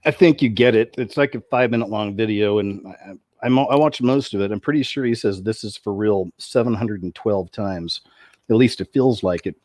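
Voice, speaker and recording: A man's voice: lowish voice, brisk, darkish tone, no echo. A man hosting a commentary video, talking in a rambling way with many restarts and asides.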